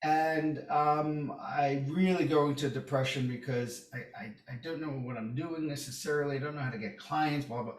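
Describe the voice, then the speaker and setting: A man's voice: on the high side, moderate pace, hardly any pauses. A man guest in a casual podcast chat, telling stories with energy and acting out the voices of people he quotes. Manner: animated, acts out quoted voices. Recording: roomy echo, distant mic.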